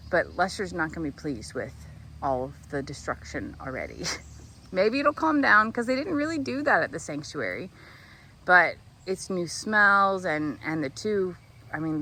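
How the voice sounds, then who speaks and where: A woman's voice: bright, forceful tone, slight background noise. Cooing woman narrating farm chores outdoors. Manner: coos in a high sing-song to the animals, then drops to a low chatty voice. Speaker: farm animal sanctuary keeper. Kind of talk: casual vlog narration. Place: outdoors on a farm among animals.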